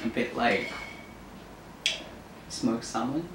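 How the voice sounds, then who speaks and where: Man, Italian accent, interview guest, giggly, animated pitch, roomy echo, faint noise. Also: slow, creaky. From Italy. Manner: giggly, restarts often. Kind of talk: casual interview bloopers. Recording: echoey room, distant mic, faint noise.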